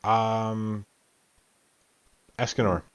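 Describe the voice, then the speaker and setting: A man's voice: lowish voice, level tone, extremely slow, clean tone, no room sound. A man narrating as game master of a tabletop game, describing scenes at length with frequent fillers. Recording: dull lo-fi audio.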